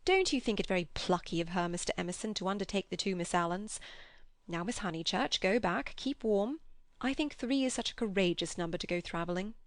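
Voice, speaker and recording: A woman reading an audiobook, voicing a cheerful, bustling clergyman who talks briskly and chattily. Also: medium pitch, dry recording, clean studio sound, natural voice.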